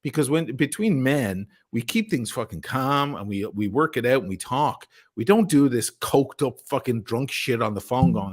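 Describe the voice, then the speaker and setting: A man on a livestream call, venting in a fast, profane rant. His pitch sits in an ordinary middle range, and he pushes hard as his anger builds. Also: animated. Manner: angry, profane, ranting. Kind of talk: heated livestream chat.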